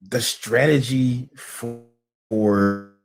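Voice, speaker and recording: A man from Georgia calling in to a livestream, hesitant and halting with lots of fillers. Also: medium pitch, fairly even intonation, creaky. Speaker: caller. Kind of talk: casual call-in chat.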